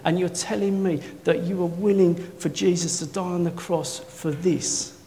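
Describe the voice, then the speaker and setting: A man preaching a sermon in a church, telling stories with swings from quiet to loud, wearing a mic. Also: sits high, moderate pace. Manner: excitable storytelling, swinging from soft to loud. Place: church hall. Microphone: worn mic. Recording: echoey hall, faint noise.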